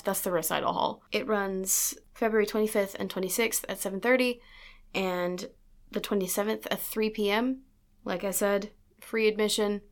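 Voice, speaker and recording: Young female podcast co-host, gravelly tone, chatty and giggly. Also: medium pitch. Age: young adult. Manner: chatty, giggly, theatrical student performer. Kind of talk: casual chat.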